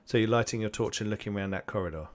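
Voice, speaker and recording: Low-voiced man running a tabletop game. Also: very fast. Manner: hesitant, full of ums and restarts. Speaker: game master.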